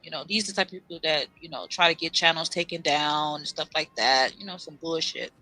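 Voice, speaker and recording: A guest on a talk show, speaking in a relaxed, hesitant way with many fillers. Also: medium pitch, a little fast, poor audio. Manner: laid-back, hesitant with fillers. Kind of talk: casual chat.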